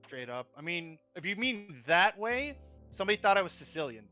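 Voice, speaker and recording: A man's voice: high-pitched, very animated, brisk, sharp tone, faint music behind. A man on a livestream who rambles casually, reads chat aloud and pokes fun at himself. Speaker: streamer and model kit builder, guest.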